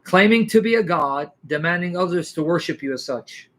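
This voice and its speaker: Guy with a highish voice lecturing hard on theology, keeps asking rhetorical questions. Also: lively intonation, a little fast, fairly bright tone. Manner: emphatic, rhetorical questions, clears throat. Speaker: Christian apologist guest. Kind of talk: animated theological argument.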